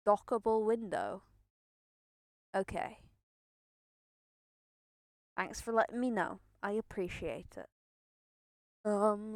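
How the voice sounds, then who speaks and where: Young woman streamer rambling nervously, kinda out of breath, slow easy pace, dry close sound. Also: medium pitch, animated, no echo. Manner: rambling, nervous, swears and repeats herself. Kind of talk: casual live-stream chat.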